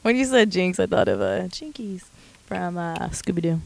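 A woman's voice: fairly low pitch, normal speed, vocal fry. Woman, podcast co-host, casual chat, hesitant and agreeable, short replies.

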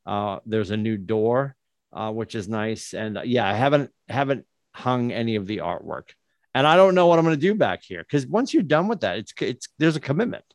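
A man co-hosts a casual sports podcast from a home studio, wandering off into long, rambling tangents packed with filler words. His medium-pitched voice is very animated and moves at normal speed, picked up on a studio podcast mic with no echo.

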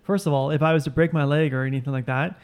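Fast-talking man in bantering chat. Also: fairly high pitch, fairly even intonation, a little mellow, clean tone. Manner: quick, bantering, mock-indignant. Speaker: podcast co-host. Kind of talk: casual chat.

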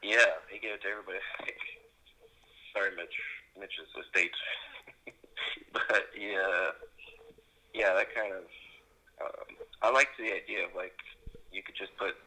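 A man, a stand-up comedian, chatting in a casual podcast, speaking in a laid-back, halting way with many pauses and fillers. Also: low voice, steady tone, bright, forceful tone, poor audio.

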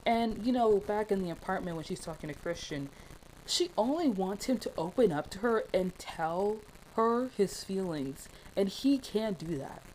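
A woman's voice: mid-range voice, expressive, moderate pace, a little mellow, slight background noise, low-quality recording. A young woman talking through a film in casual, passionate commentary, rambling with many fillers.

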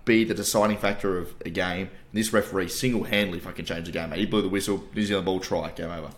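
An Australian man co-hosting a podcast, telling animated stories in casual chat, swearing and calling his co-host mate. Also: low-pitched, fast talker. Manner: animated storytelling, swears, says mate a lot.

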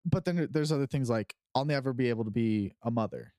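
Podcast co-host, man, relaxed offhand chat with some stammered restarts, mid pitch. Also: a little fast, dry recording, studio quality. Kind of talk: casual chat.

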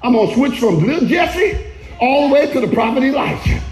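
A male pastor preaching a sermon in a church, shouting often and calling for the congregation to respond. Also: very high voice, expressive, brisk, roomy sound, low-quality recording.

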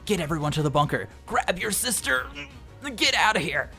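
A man's voice: high voice, very animated, normal speed, gravelly, sharp tone, slightly rough, soft background music, full character voice. Man doing a commanding leader. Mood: urgent. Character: commanding middle-aged male leader and father.

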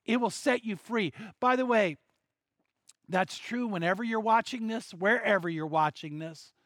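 High-voiced pastor telling a story. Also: male voice, unhurried, no room sound. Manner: animated storyteller acting out the voices of the people in his story. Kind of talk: sermon storytelling.

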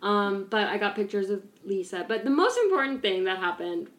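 A woman's voice: medium pitch, lively intonation, fairly quick, roomy sound. A young woman co-hosting a podcast, chatting casually and giggling through gossip with lots of fillers. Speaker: podcast co-host.

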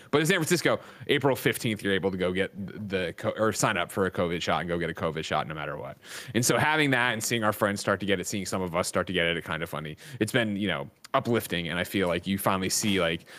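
A man talking as a podcast guest, joking loudly at first and then chatting openly about how he is doing. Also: sits low. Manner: loud, animated, jokey rants. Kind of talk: casual podcast chat. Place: San Francisco, California.

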